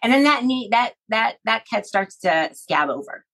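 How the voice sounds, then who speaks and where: A middle-aged woman guest in an interview, retelling a personal story in a halting, emotional way with many fillers. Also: a little high, big pitch swings, creaky, fairly bright tone, low-quality recording. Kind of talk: conversational interview.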